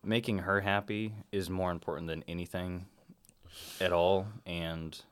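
Young male podcast guest, low-pitched, casual and rambling. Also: level tone, unhurried, clean tone. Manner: laid-back, lots of yeahs and fillers, swears freely. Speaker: podcast guest, black metal musician. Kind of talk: casual chat.

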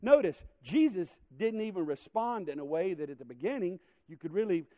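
A man's voice: high-pitched, moderate pace, dry recording, studio quality. A man preaching a sermon as guest speaker in a church, calling on the congregation to respond. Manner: animated, calls on the congregation to respond. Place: church hall.

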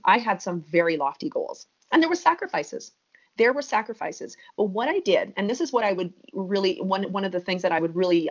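A woman's voice: medium pitch, dull audio. A woman guest on a podcast interview, talking emphatically and with energy, full of fillers.

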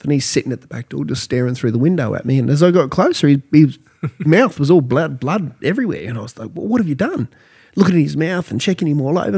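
A man's voice: fairly high pitch, breathy edge. Laughing Australian man telling yarns. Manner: animated storyteller, laughs often, coarse language. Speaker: podcast co-host. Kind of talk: casual chat.

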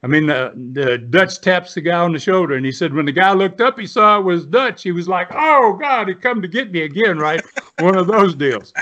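A guest who used to wrestle professionally, an American man in his 70s, talks in a high-pitched, pushed, bright voice at normal speed. His storytelling is casual, long-winded, and folksy, peppered with fillers and restarts, and the lo-fi audio sounds dull.

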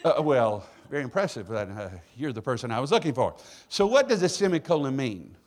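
Animated middle-aged man preaching. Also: mid-range voice, brisk. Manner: playful, call-and-response with congregation. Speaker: guest preacher. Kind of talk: sermon. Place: church sanctuary.

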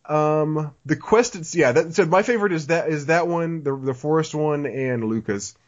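Animated man chatting on a podcast. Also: on the high side, moderate pace, dull audio. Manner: animated, laughs often, reads listener email aloud. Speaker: podcast co-host. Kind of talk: casual podcast chat.

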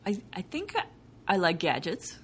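A young adult woman playwright talking casually in an interview, animated and laughing often as she acts out what people said. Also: fairly low pitch, moderate pace, slightly rough. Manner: animated, laughing, quotes people in bright voices. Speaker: playwright guest.

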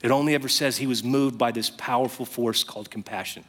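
Animated preaching man in a reverberant hall. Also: medium pitch, quick pace. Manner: animated storytelling, rising emphatic phrases. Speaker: pastor. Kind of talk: sermon. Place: church auditorium. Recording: long reverb of a large hall.

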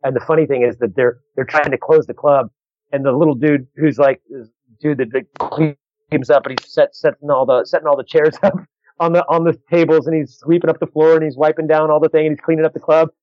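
A man working as a stand-up comedian, telling a story in a casual, animated way, restarting phrases and acting out the people in it. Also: fairly high pitch. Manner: animated, quick restarts, acts out other voices. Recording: dull lo-fi dry recording.

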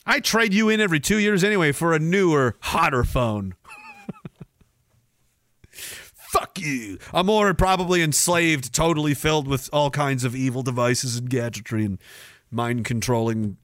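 A middle-aged man hosting a livestream podcast, reading chat messages aloud and riffing on them in a profane, mocking way with loud, shouted bits. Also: fairly high pitch, normal speed, dry recording, studio quality. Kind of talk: casual profane livestream banter.

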